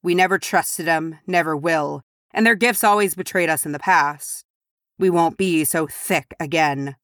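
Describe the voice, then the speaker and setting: A woman's voice: sits low, a little slow, a bit bright, dry recording, clean studio sound. A woman voicing a stern male dwarf lord who talks bluntly and harshly.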